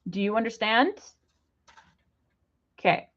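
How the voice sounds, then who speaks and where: A young woman with a fairly high voice speaks slowly, with the highs cut off, as she scolds her pet bird again and again inside her apartment. Her phrasing is simple and broken, and she sounds exasperated and lecturing.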